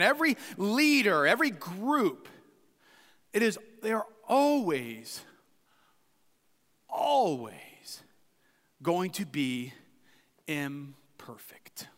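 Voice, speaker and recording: A man's voice: high voice, sing-song, a little slow, pushed and bright. A man preaching a sermon as pastor, emphatic and repeating phrases for emphasis. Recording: long hall reverb.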